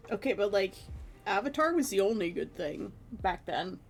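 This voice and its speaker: A woman streamer in her thirties chats easily with her viewers, her voice sitting at a middle pitch. She is animated, stretches out her exclamations and laughs often. Faint music plays quietly behind her. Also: moderate pace, creaky. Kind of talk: casual chat with stream viewers.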